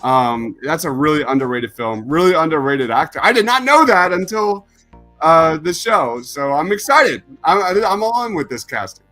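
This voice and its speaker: A man co-hosting a casual chat, animated and enthusiastic, riffing freely. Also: on the high side, moderate pace, faint music behind. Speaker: co-host.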